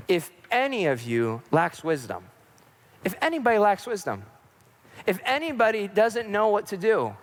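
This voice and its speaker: A young man on a faith podcast, giving a sermon-like teaching and telling a personal story, acting out the voices he quotes. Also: high-pitched. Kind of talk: preaching-style faith talk with personal story.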